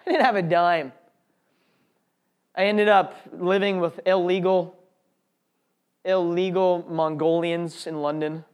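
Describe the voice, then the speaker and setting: A man's voice: high voice, steady tone, takes it slowly, long pauses, clear, resonant tone. A man telling an audience his personal faith testimony in an earnest, heartfelt way. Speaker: speaker sharing a testimony.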